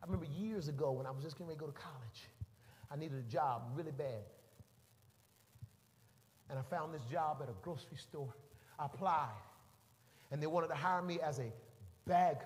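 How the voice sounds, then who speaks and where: A man's voice: fairly high pitch, slight background noise. A middle-aged male pastor preaching a sermon, telling a story animatedly and voicing the people in it. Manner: animated storytelling, voices the people in it, makes beeping sounds. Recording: reverberant hall, faint ambience.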